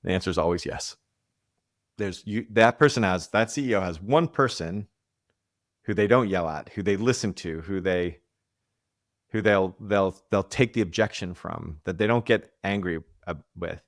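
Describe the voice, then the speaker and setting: A man's voice: low-pitched, normal speed, no echo, clean studio sound. A man, an executive coach, explaining ideas in a podcast interview, often restarting sentences and acting out quoted voices.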